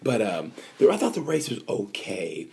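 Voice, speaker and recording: A man's voice: lowish voice, huge pitch swings, moderate pace, creaky, a little mellow, a little hiss or hum. A man talking casually and ramblingly about motorcycle races, acting out little quoted voices. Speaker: motorcycle racing fan commentator. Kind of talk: casual opinion vlog.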